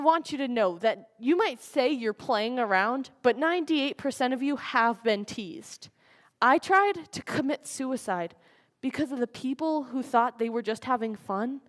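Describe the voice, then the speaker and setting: A woman giving a dramatic recited speech at a school program, swinging between forceful declarations and hushed, quiet lines. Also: a little high. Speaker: student speaker at a school program.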